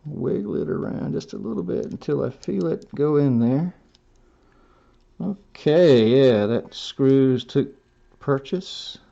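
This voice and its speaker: A man's voice: mid-range voice, vocal fry, mellow. A man narrating a hands-on robot build tutorial in a folksy, self-talking way, stopping to correct himself as he works. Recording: dull lo-fi sound.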